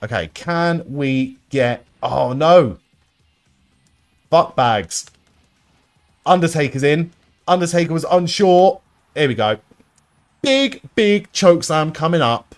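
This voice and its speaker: A young man giving live-streamed gameplay commentary, excitable and sarcastic, swearing often. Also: a little high, slow pace, pauses often, faint music behind.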